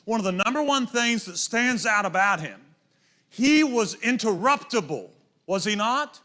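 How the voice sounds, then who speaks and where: A man's voice: high voice, pushed and bright. A middle-aged man preaching a sermon in a church, telling stories and acting out voices in quotes. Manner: storytelling, acts out voices in quotes.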